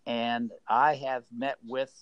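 A man's voice: mid-range voice, little pitch movement, takes it slowly, clean tone, no room sound, lo-fi sound. An older man, a former baseball executive, telling stories earnestly in an interview, often repeating and restarting words. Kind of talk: conversational storytelling.

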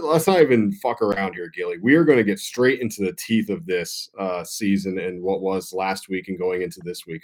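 A man's voice: sits low, a little mellow. A young man co-hosting a sports podcast, talking loosely and rambling, swearing casually. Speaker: podcast co-host.

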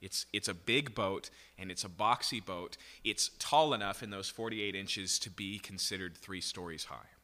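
Bright-voiced man teaching in a reverberant hall. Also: low-pitched, moderate pace, hardly any pauses. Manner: explanatory, checks in with repeated "okay?". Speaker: Bible teacher. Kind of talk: sermon-style Bible teaching.

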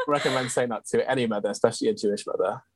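A man's voice: mid-range voice, rapid-fire, rough recording. A young man, telling a personal story as an interview guest in an earnest, candid way. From England. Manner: earnest, candid, with frequent ums and restarts.

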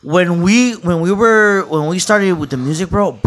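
A man's voice: high-pitched, normal speed, a bit bright. A man from Chicago, a musician guest on a casual podcast, talking in hyped slang and mixing English and Spanish, with a Chicago accent.

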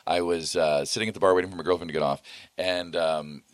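A middle-aged man, a voice actor, telling lively anecdotes on a convention panel and acting out the quotes, often laughing. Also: deep voice, fast, no room sound. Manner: animated storytelling with acted-out quotes and frequent laughs.

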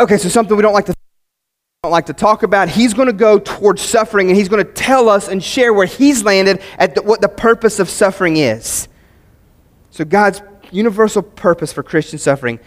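A male pastor delivering a sermon with a notably high voice that climbs even higher when he presses a point. He speaks emphatically and builds to fervent peaks on key phrases. The sound rings with the long reverb of a large hall.

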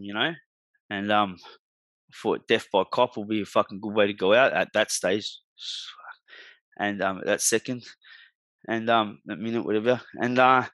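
A man's voice: fairly low pitch, fairly bright tone, no echo. An Australian man in his forties, a guest telling his life story bluntly in slangy, swear-heavy talk. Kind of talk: candid storytelling in a podcast interview.

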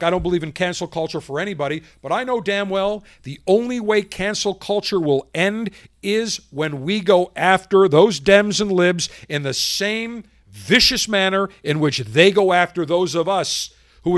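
A man's voice: sits high, fairly bright tone. A man hosting a podcast, delivering a combative, sarcastic political monologue. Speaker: podcast host.

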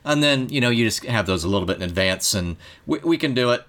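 A man's voice: mid-range voice, expressive, quick pace, fairly bright tone. A man co-hosting a podcast, chatting casually and tossing in dry, teasing quips. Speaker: podcast co-host. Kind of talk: casual chat.

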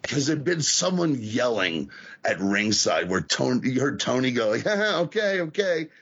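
A man chats on a podcast in a gravelly, slightly husky voice. His pitch jumps all over as he tells stories and mimics people, dropping swear words as he goes. The audio is a little dull and lo-fi. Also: moderate pace. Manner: animated, swears a lot, acts out quoted voices. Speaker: podcast co-host. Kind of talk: casual profane wrestling podcast chat.

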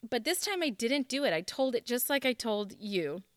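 A woman recounts a personal story in an earnest, candid way, like she is talking to friends. Her voice is smooth and clear, and the sound is dry and close. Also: fairly high pitch, sing-song, moderate pace, dry recording. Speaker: small group leader.

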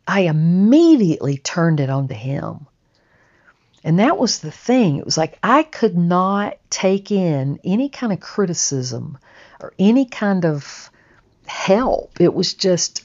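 Slow low-voiced woman recalling her past. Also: expressive, a little mellow. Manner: slow, reflective, drawling recollection. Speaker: storyteller. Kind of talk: personal storytelling monologue. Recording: slightly dull lo-fi recording.

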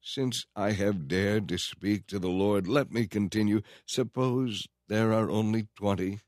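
A man's voice: on the low side, measured pace, a little mellow, no room sound, studio quality, natural voice. A man voicing Abraham as a humble old man pleading carefully in a storybook reading.

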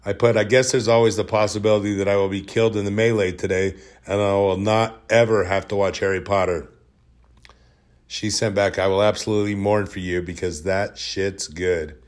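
A man's voice: lowish voice, flat delivery, normal speed. A man hosting a podcast, telling stories in a rambling, jokey, self-deprecating way. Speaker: podcast host. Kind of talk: casual storytelling monologue.

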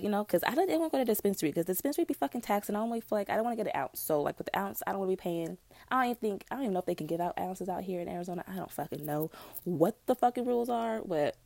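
A woman's voice: lowish voice, gravelly, no echo. Profane rambling young woman vlogger, dry sound. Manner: profane, rambling, animated storytelling. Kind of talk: casual chat.

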